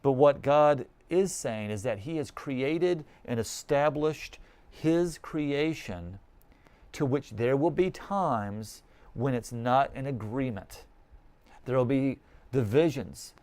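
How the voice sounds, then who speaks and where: A male priest, reading the Gospel and preaching with emphatic, slowed-down stresses. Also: medium pitch, darkish tone, clear, resonant tone.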